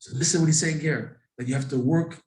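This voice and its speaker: A man's voice: fairly high pitch, steady tone, fairly quick, roomy sound, low-quality recording. A man teaching a live religious class, emphatic and repeating his questions for effect. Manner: emphatic, repeats questions, rising to near-shouts. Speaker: Torah teacher.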